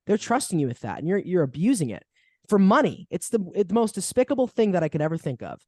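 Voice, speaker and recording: A man hosting a podcast, talking in a heated, mocking way. His pitch leaps around with loud jabs and low, quiet asides. The close mic sounds dry. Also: sing-song, fast, no echo. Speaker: podcast host. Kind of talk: animated storytelling chat.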